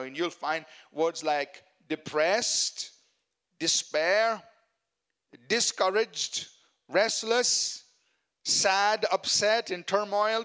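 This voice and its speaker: A man's voice: high voice, fairly bright tone, clean tone. A man preaching a sermon as pastor, earnest and emphatic, repeating key phrases and chuckling at his own jokes.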